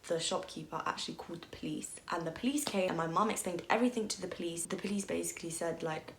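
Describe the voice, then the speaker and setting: A woman's voice: lowish voice, quick pace, slight background noise. A young woman telling a personal story on her vlog, candid and emotional, peppered with "like" and the odd swear. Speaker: vlogger. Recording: echoey room.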